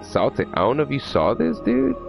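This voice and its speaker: A man's voice: mid-range voice, huge pitch swings, brisk, gravelly, highs cut off, music in the background. A man livestreaming a horror game, chatting loosely with viewers, swearing and sounding jittery. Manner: loose, profane, jittery, talks to chat. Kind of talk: casual live gameplay chat.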